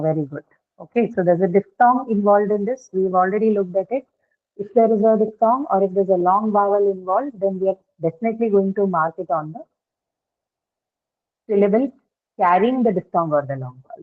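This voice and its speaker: A woman teaching an English class, explaining patiently and checking in with her students. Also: mid-range voice. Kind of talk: classroom lecture on word stress. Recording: phone-like lo-fi classroom audio.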